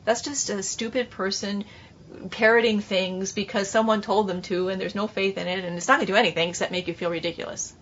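A woman's voice: mid-range voice, steady tone, brisk, fairly bright tone, slight background noise. A woman Bible teacher giving an emphatic, repetitive sermon-style class. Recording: dull lo-fi recording.

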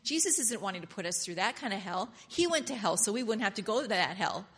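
Woman preacher, sermon; emphatic and animated, with repetition and laughter. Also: medium pitch, fast talker, breathy edge, in a large hall.

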